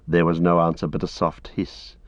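Low-voiced man reading a story. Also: completely flat delivery, moderate pace, dry recording. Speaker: audiobook reader. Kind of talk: scripted narration. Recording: dull lo-fi dry recording.

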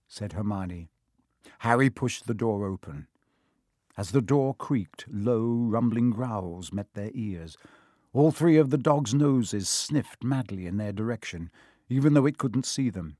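A man narrating a storybook audiobook in a measured, expressive reading. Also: mid-range voice, no room sound, studio quality.

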